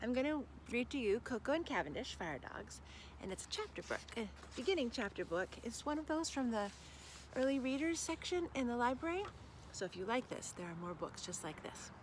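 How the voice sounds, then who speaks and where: A woman reading a children's chapter book aloud for a library storytime, outdoors, doing expressive voices for the characters. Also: on the high side, a little fast, slight background noise. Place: outdoors in bright morning sun.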